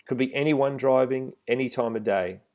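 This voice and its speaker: A middle-aged man giving a relaxed, plain-spoken instructional talk to trainee driving instructors, with some fillers. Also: medium pitch, normal speed. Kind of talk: instructional voice-over with slides.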